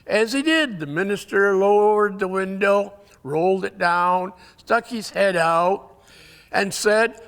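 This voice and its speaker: A man giving a conference talk, telling jokes in a folksy, halting way, his voice weakened, often clearing his throat. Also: high voice, fairly bright tone. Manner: folksy, halting storyteller with many uhs. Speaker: conference speaker. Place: conference hall. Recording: long hall reverb.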